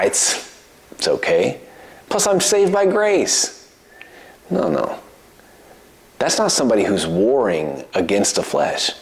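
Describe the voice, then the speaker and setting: A man giving a conversational sermon as a preacher, asking rhetorical questions, chuckling and repeating words as he thinks aloud. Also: lowish voice. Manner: animated, rhetorical questions, frequent "right?" and "you know?".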